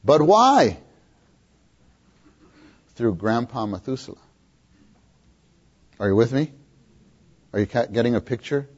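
A man preaching a sermon, often questioning his listeners and repeating words for emphasis, with a husky voice, on a dull lo-fi recording. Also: mid-range voice, very animated, takes it slowly, pauses often. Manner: questions the audience, emphatic repetition.

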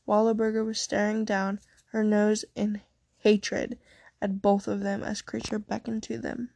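A woman narrating a fan fiction story aloud in a steady, unhurried way. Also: mid-range voice, creaky.

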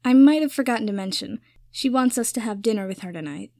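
A woman reading a story aloud, voicing an aloof young man with a dry, measured delivery. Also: a little high, animated, a little mellow, no echo.

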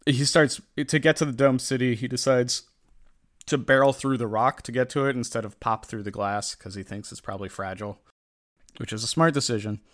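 A man's voice: mid-range voice, fairly quick, a bit bright, dry recording, clean studio sound. A man chatting casually on a podcast, retelling a comic story with lots of fillers and acted-out lines. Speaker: podcast host recapping a comic. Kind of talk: casual chat.

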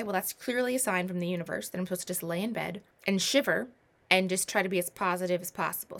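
A woman in her twenties telling a personal story in a casual, animated, self-mocking way, with many rambling asides. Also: medium pitch. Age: 20s.

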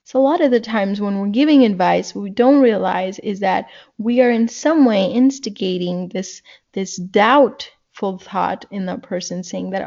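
A woman in her thirties speaks as a guest in a casual podcast talk, earnest and reflective, stretching words for emphasis. Her voice has a gravelly fry and sits at a middle pitch. The recording is dull and lo-fi. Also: measured pace, darkish tone. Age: 30s. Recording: dull lo-fi sound.

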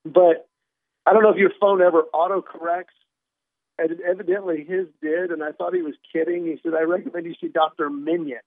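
A man, a comedian guest, telling a story in an animated, wry way and acting out the dialogue. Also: on the high side, brisk, no room sound. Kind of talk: conversational storytelling. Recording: tinny phone line.

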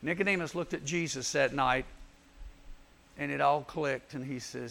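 A man preaching a youth sermon, telling Bible stories in an animated way and acting out the voices. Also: mid-range voice, moderate pace, gravelly, long pauses. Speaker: youth speaker.

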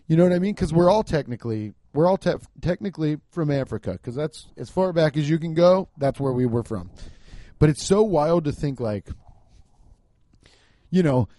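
A man's voice: a little high, moderate pace, no room sound. A man from Cincinnati rambling through a casual comedic monologue, swearing and laughing as he goes. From Cincinnati, US Midwest. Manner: rambling, profane, laughs often, animated.

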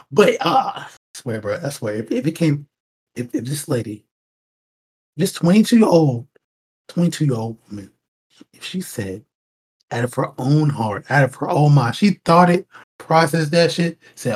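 Man, exasperated podcast co-host, husky voice, lively swinging pitch. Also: normal speed. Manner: interrupting, exasperated, repeats himself. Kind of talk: heated casual commentary.

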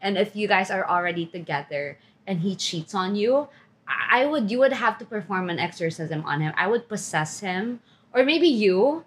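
A woman co-hosting a podcast in casual chat with her best friend, animated and teasing, often laughing. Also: medium pitch, moderate pace. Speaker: podcast co-host.

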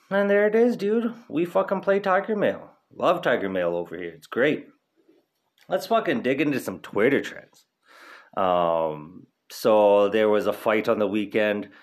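A young man hosting a podcast in casual chat, laid-back and rambling, swearing freely, stoned. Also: mid-range voice. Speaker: podcast host.

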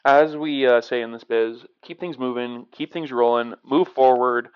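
A man's voice: mid-range voice, fairly even intonation, normal speed, clean tone, muffled recording. A man hosting his own run of cartoon impressions, rambling and swearing as he moves from one bit to the next. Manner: rambling, swearing, laughing at himself. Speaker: impressionist host. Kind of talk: casual comedy impressions.

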